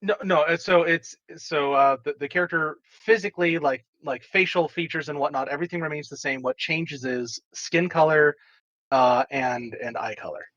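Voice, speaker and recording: A man's voice: on the high side, moderate pace, fairly bright tone, dry recording, highs cut off. A man, a player in a tabletop game, chatting casually and laughing often. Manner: laughs often, explains with restarts.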